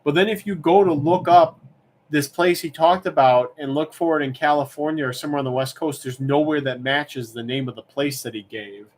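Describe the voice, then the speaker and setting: A man's voice: fairly high pitch, fairly even intonation, fairly quick, a little mellow, a little hiss or hum. A young man hosting a livestream auction, chatting casually and rambling as he reads comments aloud.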